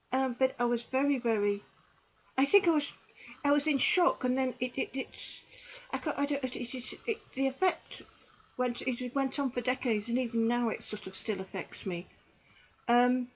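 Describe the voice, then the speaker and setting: A middle-aged woman gives earnest personal testimony to camera, halting and repeating herself. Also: a little high, poor audio. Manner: halting and repetitive, with restarts; earnest and emotional, with bitter dark humour. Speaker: survivor giving testimony.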